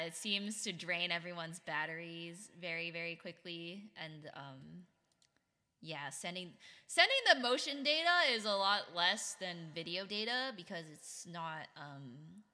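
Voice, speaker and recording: A woman's voice: lowish voice, sharp tone, in a large hall. A woman streamer chatting casually with her viewers, giggling often and reacting to chat.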